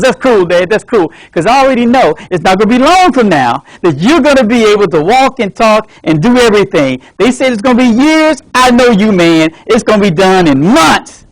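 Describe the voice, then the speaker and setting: A man's voice: high-pitched, lively intonation, moderate pace, hardly any pauses, no echo, low-quality recording. A man telling a dramatic story at a club meeting, emphatic and upbeat, repeating motivational lines. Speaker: club speaker.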